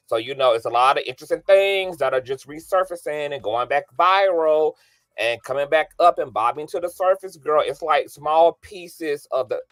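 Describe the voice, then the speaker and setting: A sassy, flamboyant man chatting on a livestream, lying in his bedroom with a burger in hand. His voice sits a bit high and the sound is close and dry, with no room echo. He keeps tossing in "honey" and "girl" as he greets his viewers. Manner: greets viewers one by one by name. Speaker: livestream host. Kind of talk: casual gossip livestream chat.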